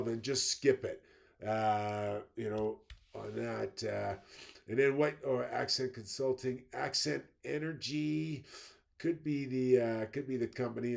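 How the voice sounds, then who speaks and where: A man giving a screen-recorded walkthrough, thinking aloud step by step and halting often with fillers. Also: medium pitch, creaky, a little mellow. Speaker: instructor.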